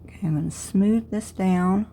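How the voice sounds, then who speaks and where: Speaking at a moderate pace in a mid-range voice, a middle-aged woman with a Southern US accent guides viewers through a crafts tutorial. Her step-by-step narration is casual and relaxed, with her thinking out loud as she goes.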